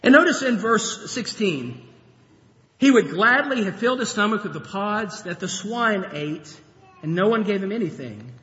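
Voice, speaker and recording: A man preaching a sermon, telling Bible stories in an animated way and acting out the characters. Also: high-pitched, normal speed. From grew up on a farm. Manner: animated storytelling, acts out Bible characters, chuckles. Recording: dull lo-fi sound with long hall reverb.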